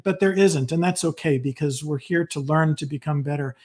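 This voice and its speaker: A man's voice: fairly high pitch, fairly quick, a little mellow, breathy edge. A man, a psychologist, giving an earnest, enthusiastic devotional fireside talk with casual asides and a personal testimony.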